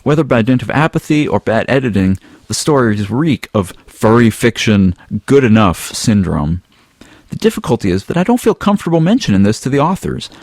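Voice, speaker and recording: A man hosting a casual podcast, reading a listener's email aloud in a relaxed, rambling way. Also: mid-range voice, fairly quick, no room sound, studio quality. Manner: relaxed, rambling, with some filler words. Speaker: podcast host.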